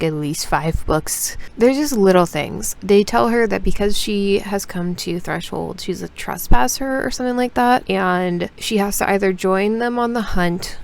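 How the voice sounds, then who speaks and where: A woman vlogger talks through a book she dislikes in a casual, rambling way, with lots of "like" fillers. Her voice has a gravelly, creaky edge at a middle pitch. Now and then she breaks into loud, high, exasperated outbursts. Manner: rambling, frustrated ranting with many "like" fillers. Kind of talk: casual reading vlog review.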